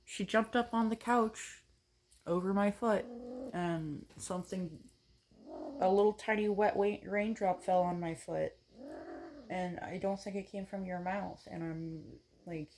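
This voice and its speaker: A woman's voice: medium pitch, steady tone, slow, long pauses, darkish tone, slight background noise. A woman chatting casually while doing her makeup at home, rambling with lots of ums and self-corrections. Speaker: makeup vlogger. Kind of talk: casual get-ready-with-me chat. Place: home, on a couch.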